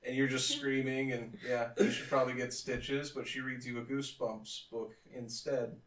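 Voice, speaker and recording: A young man on a movie review podcast tells rambling, profane stories in a joking tone. His bright, forceful voice sits back from the mic. The room around him rings with echo. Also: medium pitch, little pitch movement, moderate pace, far from the mic. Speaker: podcast co-host. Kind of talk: casual chat.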